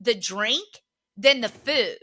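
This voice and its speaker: A woman's voice: fairly high pitch, expressive, slow pace, sharp tone. A woman co-hosting a podcast, casually telling a funny everyday story and laughing often. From Philadelphia area. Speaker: podcast co-host. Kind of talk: casual chat.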